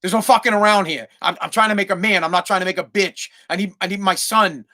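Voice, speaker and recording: A man's voice: sits high, fairly even intonation, quick pace, bright, forceful tone. A man hosting a podcast, telling a story in a blunt, heavily profane, casual monologue. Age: adult parent. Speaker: podcast host.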